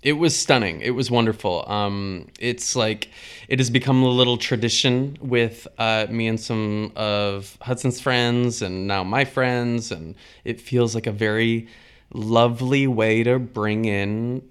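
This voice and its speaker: A man's voice: medium pitch, steady tone, a little slow, clean tone. A man hosting a podcast, chatting in a bubbly, gossipy way, his voice a bit worn from screaming. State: voice strained from screaming. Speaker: podcast host. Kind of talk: casual podcast chat.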